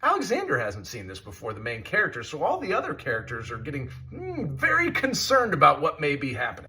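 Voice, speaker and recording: Bright, lively male game reviewer. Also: fairly high pitch, fast, few pauses. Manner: enthusiastic, chatty, with scoring asides. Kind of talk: casual review commentary.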